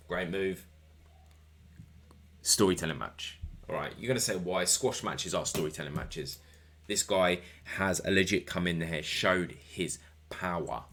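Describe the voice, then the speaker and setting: Brief: lower-voiced man, excitable solo podcast reviewer, casual swearing. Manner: enthusiastic, rambling, swears casually. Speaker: wrestling show reviewer.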